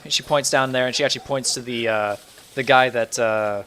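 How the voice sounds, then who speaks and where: A man's voice: medium pitch, fairly even intonation, normal speed, fairly bright tone, smooth. Rambling male dungeon master. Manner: loose, rambling narration with many fillers. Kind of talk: narrating a tabletop game.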